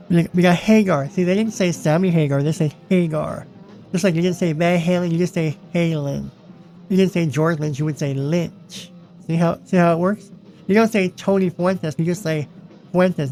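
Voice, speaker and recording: Male vlog host, casual and rambling, gravelly tone, soft music bed under him. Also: on the high side. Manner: chatty, rambling, repeats himself. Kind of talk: casual magazine flip-through.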